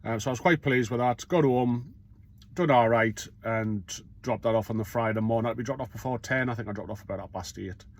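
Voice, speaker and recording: A man's voice: medium pitch, fairly quick. A middle-aged man, a self-employed courier talking casually in a rambling vlog monologue, blunt and swearing freely.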